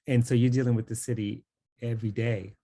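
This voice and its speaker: A man's voice: mid-range voice, little pitch movement, fairly quick, warm tone, dry recording. A man interviewing an author, chatty and rambling, with many fillers and restarts. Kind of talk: conversational interview.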